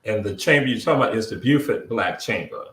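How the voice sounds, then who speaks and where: A man's voice: on the low side, fast, roomy sound, rough recording. A man with a Southern US accent hosting a casual chat, telling stories with lots of repeated phrases. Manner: animated storytelling, repeats phrases. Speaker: show host.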